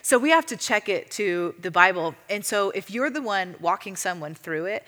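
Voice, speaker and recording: A woman teaching a church audience in a casual, chatty way, full of fillers and lively storytelling. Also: mid-range voice, normal speed. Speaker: ministry teacher. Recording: long reverb of a hall.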